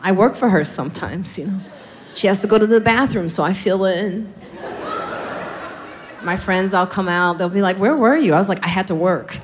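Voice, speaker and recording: Animated woman doing stand-up comedy. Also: medium pitch, normal speed, pauses often, noisy background. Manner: animated, acts out dialogue with voice jumps.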